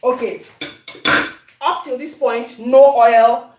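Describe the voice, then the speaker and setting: A Cameroonian woman with a high voice talks viewers through a recipe in her kitchen. She chats casually and drifts into Pidgin. The room rings with an echoey kitchen sound. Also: steady tone, slow, dark tone, a little hiss or hum. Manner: chatty, addresses viewers, breaks into Pidgin. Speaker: cooking channel host. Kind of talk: casual cooking demonstration. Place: home kitchen.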